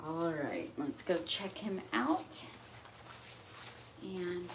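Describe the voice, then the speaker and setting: A dog groomer with a lowish voice chats casually while she works in a grooming salon, speaking in a sing-song way with drawn-out words and long pauses, sometimes slipping into baby talk with the dog. The echoey salon is recorded with a distant mic and faint noise.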